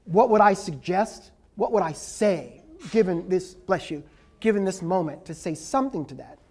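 A male professor lectures and takes audience questions in a high, expressive voice with a slightly dark tone and a moderate pace. He speaks emphatically, often closing his points with "right?"

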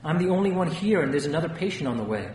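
A man's voice: a little high, big pitch swings, very fast, darkish tone. A man voicing a blunt, unbothered male hospital scan technician. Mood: offhand. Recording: roomy, distant, faint hiss.

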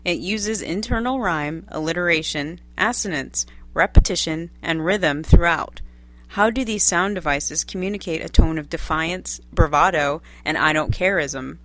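A woman reading a scripted literature lesson in a measured way, posing study questions one after another. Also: lowish voice, a bit bright. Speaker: lecturer reading course text.

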